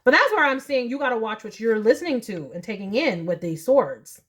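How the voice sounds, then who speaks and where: A woman's voice: fairly high pitch, sing-song, a little fast, fairly bright tone. A woman, reading tarot in a chatty, emotional monologue full of likes and y'alls. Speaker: tarot reader.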